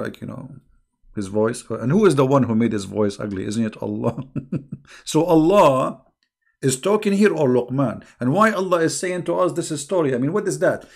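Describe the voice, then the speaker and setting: With a mid-range voice and noticeable vocal fry, this middle-aged online religious debate host runs a laid-back livestream. His tone mocks and needles, broken up by frequent chuckles.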